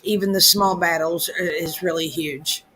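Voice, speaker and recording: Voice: mid-range voice, fairly even intonation, normal speed, bright, forceful tone, a little hiss or hum, poor audio. A panelist chatting casually, hesitant and leaning on many fillers. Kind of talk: casual chat.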